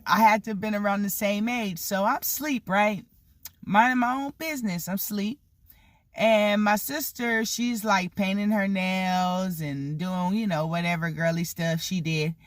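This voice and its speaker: This is a person in their thirties spinning childhood stories for a vlog, with a voice sitting at a mid-range pitch. The delivery is loose and animated, full of casual cursing and "like" fillers. The sound is close and dry, with no room echo. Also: a little slow. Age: 30s. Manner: animated, swears freely, acts out the people in the story; heavy use of "like" and "you know" fillers. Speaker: vlogger telling a story.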